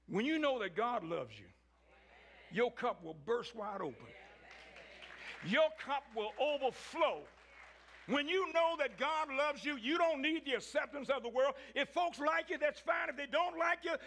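A man preaching a sermon, swinging between shouted peaks and low, quiet stretches. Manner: rising to shouts, then dropping low.

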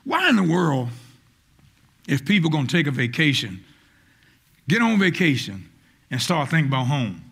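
A male pastor preaching a fiery call-and-response sermon, stammering on repeated words and rising to shouts. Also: on the high side, very animated, normal speed, creaky, long pauses, husky. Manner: acts out quoted voices, stammers on repeated words.

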